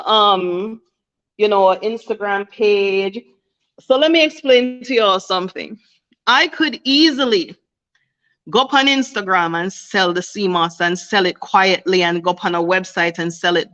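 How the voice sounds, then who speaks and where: A woman's voice: medium pitch, moderate pace, a bit bright. A woman with a mid-range voice makes a heartfelt appeal to her viewers. She talks earnestly, circles back over her points and keeps asking "okay?". The recording sounds a little dull and lo-fi. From Jamaica. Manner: earnest, repeats herself, asks "okay?" often. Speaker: small business owner. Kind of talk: heartfelt direct-to-camera appeal. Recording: slightly dull lo-fi audio.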